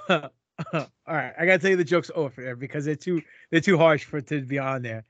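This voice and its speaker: A man's voice: a little high, moderate pace, a bit bright, no echo, lo-fi sound. A man co-hosting a podcast, joking and teasing, with a boastful wrestling-promo delivery. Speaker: podcast co-host. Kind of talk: casual banter.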